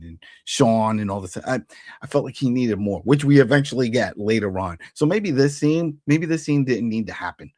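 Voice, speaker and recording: A man giving a casual recap of a TV episode, retelling the scenes in a chatty way and slipping into quick voices for the characters. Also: lowish voice, a little mellow, no room sound, clean studio sound. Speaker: TV recap host.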